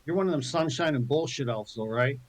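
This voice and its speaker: A man's voice: medium pitch, fairly quick. A man playing a tabletop game, methodically checking distances and numbers. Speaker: player. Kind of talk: casual tabletop play.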